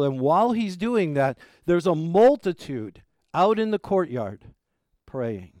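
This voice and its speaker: Man preaching with a raised, dry-toned voice. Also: dry recording. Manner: expressive storytelling, voice dropping low and soft at phrase ends. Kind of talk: sermon.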